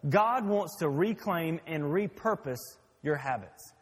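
A pastor delivering a sermon, a man who slips easily into folksy stories. His voice sits high and carries a husky edge. Each phrase trails off into the long reverb of a church hall. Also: lively intonation, takes it slowly. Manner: folksy storytelling.

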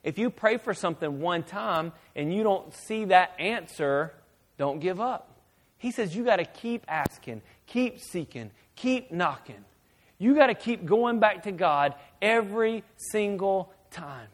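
A man preaching a sermon as a pastor, animated and shouting at times for effect. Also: high-pitched, a little slow.

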